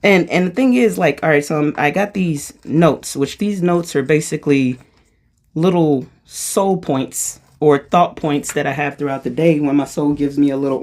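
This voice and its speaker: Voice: normal speed, darkish tone. A spiritual channeler giving a casual freestyle monologue, rambling and correcting themselves, with a playful, self-mocking humor. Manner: playful and self-mocking, jumps into high-pitched voices for quotes; rambling, restarts and corrects itself.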